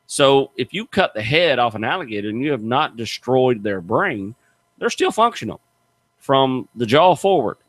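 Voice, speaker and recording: Recorded with no echo, a middle-aged man speaks at normal speed in a medium pitch. This radio host, who also hunts gators, chats casually on air and tells stories in a lively, folksy, emphatic way.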